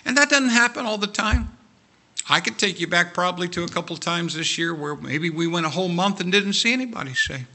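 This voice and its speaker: A man preaching to his congregation with fervent, repetitive urging. His voice is gravelly and sits a little high. The tone is sharply bright. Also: lively intonation, a little fast, a little hiss or hum. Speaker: pastor. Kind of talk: sermon.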